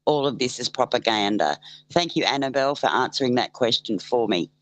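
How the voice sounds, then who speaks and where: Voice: mid-range voice, brisk. Podcast host reading out viewer messages. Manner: relaxed, reads messages aloud. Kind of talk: casual chat.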